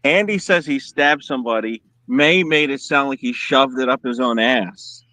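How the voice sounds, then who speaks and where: A man's voice: medium pitch, normal speed, pushed and bright, dry recording. A man on a livestream talking crudely and swearing often. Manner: crude, profane. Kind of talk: casual livestream chat.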